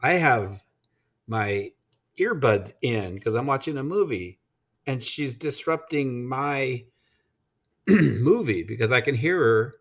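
A man's voice: mid-range voice, expressive, slow. A man telling a casual travel story, blunt and rambling, with frequent swearing and filler words. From United States. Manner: blunt, swears freely, rambling with many ums. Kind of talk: casual anecdote.

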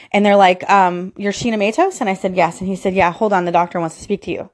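A woman's voice: medium pitch, fairly even intonation, quick pace, hardly any pauses. A woman in her thirties telling a personal story with strong emotion. She quotes herself and others as she goes, and her voice climbs toward a near scream when the story peaks.

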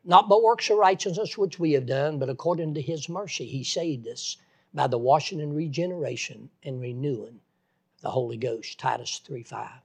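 A man's voice: a little high, normal speed, gravelly, breathy edge. A man preaching a sermon in an earnest, folksy way, repeating phrases and stammering on restarts.

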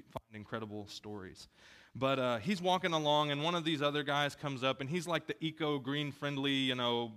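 Male preacher, casual and talky, bright tone, wanders into funny asides. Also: medium pitch. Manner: chatty, self-deprecating asides. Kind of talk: casual sermon. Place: church gym.

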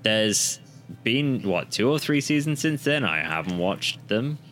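A man co-hosting a podcast in casual chat, relaxed and agreeable, with lots of hesitant fillers. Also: lowish voice, unhurried, slight background noise. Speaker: podcast co-host.

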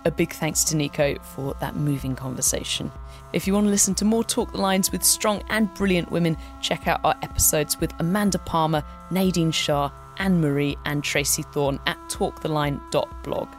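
A woman's voice: low voice, moderate pace, soft background music. A woman hosting a podcast, asking thoughtful questions and reading the show's outro. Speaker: podcast host.

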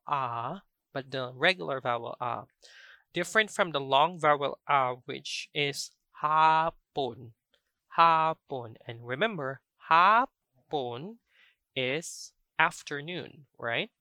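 A language teacher talks at a very slow, deliberate pace, repeating each example phrase. The voice is bright and clear. It is recorded close up in a dry room with no echo. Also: medium pitch. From Philippines. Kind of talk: language lesson.

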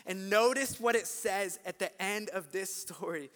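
Energetic male pastor, high bright voice, animated storytelling sermon, echoing church hall. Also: normal speed. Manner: animated storytelling, acts out voices, rising to shouts. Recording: long hall reverb.

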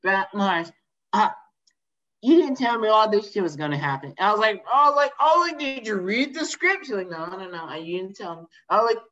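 A man's voice: sits high, brisk, dull audio. A man casually telling a story about directing a film, acting out what people said. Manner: animated storyteller, acts out quotes. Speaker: indie filmmaker telling a story. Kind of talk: casual podcast chat.

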